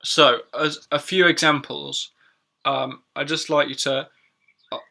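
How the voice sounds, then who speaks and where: Male teacher, chatty, gravelly tone, live lesson. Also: on the high side, level tone, sharp tone. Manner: chatty, repeats words slowly for learners. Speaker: English teacher. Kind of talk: live-streamed pronunciation lesson.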